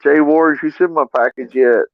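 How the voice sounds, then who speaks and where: A man's voice: a little high, fairly even intonation, normal speed, no echo. A man co-hosting a stream, joking crudely and putting on mock voices. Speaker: stream co-host. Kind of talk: casual stream chat. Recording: dull dry call audio.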